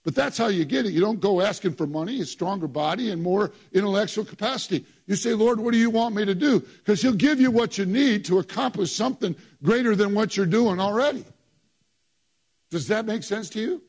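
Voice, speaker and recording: A man delivers a sermon from the pulpit of a church. His voice sits high and carries a husky edge. He preaches emphatically, throwing short phrases out to the congregation and repeating them for effect. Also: lively intonation, brisk. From New York. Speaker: pastor.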